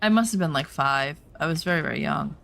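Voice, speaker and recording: A woman's voice: low-pitched, quick pace, creaky, a bit bright. A woman streamer chatting casually over gameplay, telling personal stories bluntly and emphatically, swearing now and then.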